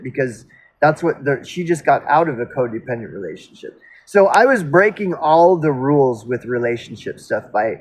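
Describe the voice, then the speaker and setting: A man's voice: a little high, breathy edge, low-quality recording. A man telling a personal story in a casual monologue, rambling and self-interrupting, blunt and outspoken. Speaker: storyteller recounting a past relationship.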